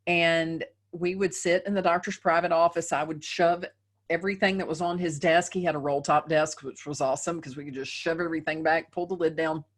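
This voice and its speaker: A woman's voice: low-pitched, fairly even intonation, fairly quick. Chatty middle-aged woman lecturing a webinar. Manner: conversational, often tags sentences with "right?". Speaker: dental practice trainer.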